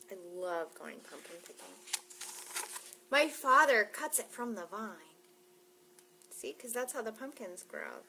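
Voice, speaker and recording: A woman's voice: fairly high pitch, sing-song, unhurried, vocal fry, long pauses, bright, forceful tone, slight background noise. Sing-song woman reading to toddlers. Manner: sing-song, exaggerated, playful, with whispers and gasps. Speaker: children's librarian. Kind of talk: toddler storytime reading and rhymes.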